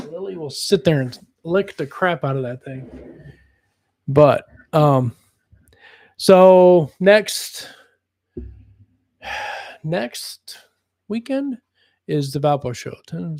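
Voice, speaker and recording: Guy livestreaming from his room at home, slow easygoing talk, a bit of gravel in his voice, rambles a lot. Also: a little high, dry recording. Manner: rambling, chats to his cat in a soft voice. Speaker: snake breeder livestreaming. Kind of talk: casual livestream chat.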